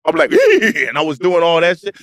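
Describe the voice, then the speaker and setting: A man with a Virginia accent, a guest comedian chatting casually, animated and playful. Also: high voice, quick pace, vocal fry, dry recording, clean studio sound. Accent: Virginia (Hampton Roads). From Virginia, USA. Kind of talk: casual chat.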